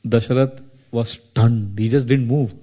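A man from India, telling a devotional story as a sermon, in a dramatic, animated way. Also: medium pitch, unhurried. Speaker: spiritual speaker.

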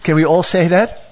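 A man reading a scripture story to a class in a voice of middling pitch, then slipping into casual asides full of stammered repeats and fillers. He teases his listeners playfully as he explains the passage. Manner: playful, teasing the audience.

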